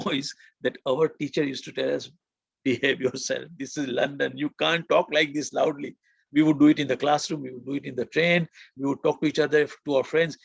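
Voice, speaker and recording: A man from India giving a motivational webinar, telling stories and acting out the quotes with lively emphasis. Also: on the high side, creaky, breathy edge, no echo. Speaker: webinar presenter.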